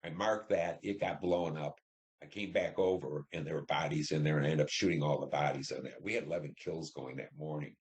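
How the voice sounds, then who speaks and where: Older male veteran in his 70s, deep low voice, oral history interview, plain storyteller who acts out the dialogue. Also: steady tone, a little fast. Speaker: Vietnam War veteran interviewee.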